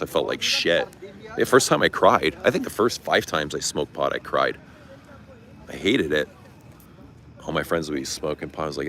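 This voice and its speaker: Deep-voiced man, candid livestream chat. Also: animated, a little slow, long pauses, pushed and bright. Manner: candid, confessional, swears casually. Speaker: livestream host. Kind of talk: casual livestream chat reading comments. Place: outdoors. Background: traffic noise.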